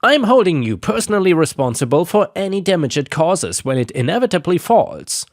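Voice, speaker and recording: A man's voice: fairly high pitch, big pitch swings, brisk, no echo, clean studio sound, pitched above the performer's own voice. A man doing a spiteful older woman HOA boss. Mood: threatening. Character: spiteful older female HOA president, self-important.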